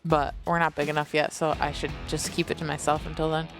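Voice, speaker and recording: A woman's voice: low voice, level tone, fast talker, over music. A young woman co-hosting a podcast, chatting casually with lots of filler words and giggles. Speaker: podcast co-host. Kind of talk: casual chat.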